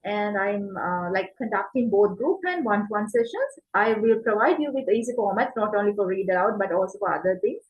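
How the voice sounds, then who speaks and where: Middle-aged female test tutor, promotional pitch, mid-range voice, halting with fillers. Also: lively intonation, lo-fi sound. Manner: hesitant, lots of 'like' and 'uh', quick bursts.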